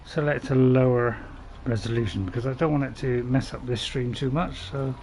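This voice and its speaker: Northern english bloke rambling through a game stream, cracks jokes, bit of faint noise behind. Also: male voice, mid-range voice, normal speed, vocal fry, a little mellow. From North England. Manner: chatty, rambling, laughs at his own jokes; joking, chatting with viewers. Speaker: gaming streamer. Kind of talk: casual gameplay live stream.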